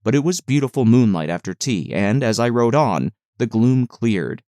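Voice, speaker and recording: In a dry, clean studio recording, a man of medium pitch reads a classic novel aloud for an audiobook, keeping his delivery measured and expressive.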